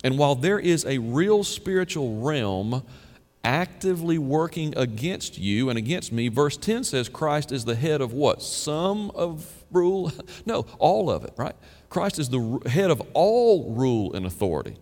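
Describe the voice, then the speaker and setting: A man's voice: mid-range voice, big pitch swings, moderate pace, a little mellow. A man preaching a sermon, reading scripture aloud with earnest emphasis. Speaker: pastor. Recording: long hall reverb.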